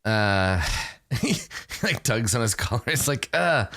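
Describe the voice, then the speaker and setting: A man's voice: fairly low pitch, lively intonation, a little slow, pushed and bright. A man running a tabletop game as game master, narrating casually and laughing often.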